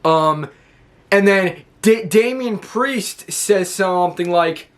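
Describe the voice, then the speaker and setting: A man's voice: high-pitched, slow pace. A man casually recapping a wrestling show, rambling with lots of fillers and restarts.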